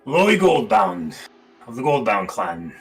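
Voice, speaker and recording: A man playing a gruff dwarf in a tabletop game on a live stream, offhand and blunt. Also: on the low side, sing-song, takes it slowly, a bit bright, faint music behind, poor audio. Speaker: player.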